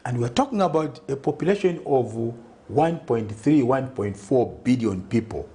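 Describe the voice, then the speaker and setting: A politician answering questions in a studio interview. His pitch rises and falls a lot as he presses each point, and he keeps checking "Okay?" with the host. His voice sits at an ordinary middle height. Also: lively intonation, moderate pace, dark tone. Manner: emphatic, argues point by point and keeps asking "Okay?". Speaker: political party president.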